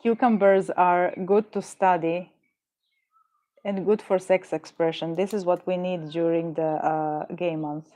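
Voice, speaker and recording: A woman's voice: on the low side, steady tone, unhurried, warm tone. A woman streamer chatting casually and jokingly with her viewers, rambling and tripping over words. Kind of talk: casual live-stream chat. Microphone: headset or desk mic.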